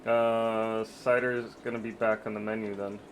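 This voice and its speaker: A man's voice: lowish voice, little pitch movement, moderate pace, slight background noise. A man streaming a game in casual chat, laid-back, swearing offhandedly and laughing easily.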